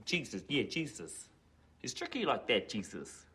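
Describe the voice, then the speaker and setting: An actor playing a joking, folksy preacher who addresses a congregation in a film sermon, with a playful, drawn-out delivery. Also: male voice, medium pitch, wildly swooping pitch, noisy background.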